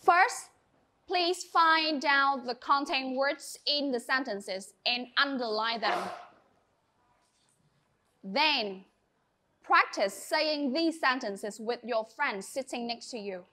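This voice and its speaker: High, bright-voiced woman teaching class. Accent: Vietnamese. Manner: slow, deliberate instructions to students. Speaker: English teacher. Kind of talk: classroom lesson.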